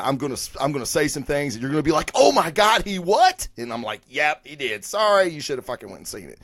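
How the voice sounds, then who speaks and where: A man hosts his own live review show in a casual, chatty ramble. He swears freely and corrects himself as he goes. His voice sits a little high for a man, and it is caught close on a mic with no room sound at all. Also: clear, resonant tone, no echo. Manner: rambling, chatty and profane, with frequent fillers and self-corrections. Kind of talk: casual live-stream talk.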